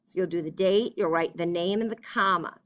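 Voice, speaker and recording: A young woman teaching a class over a recorded lesson. Her voice sits low, and the sound is dull and lo-fi. She drags out the words she dictates, then falls back into easy chat. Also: fairly bright tone. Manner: slow and deliberate when dictating, chatty in between.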